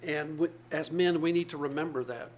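A man's voice: a little high, moderate pace, slight background noise. A man, probably older, preaching a sermon, reading scripture aloud and explaining it earnestly with repeated phrases.

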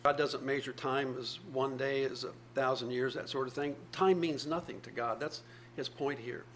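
A man's voice: medium pitch, steady tone, moderate pace, a little hiss or hum. A man, probably older, preaching a sermon, reading scripture aloud and explaining it earnestly with repeated phrases.

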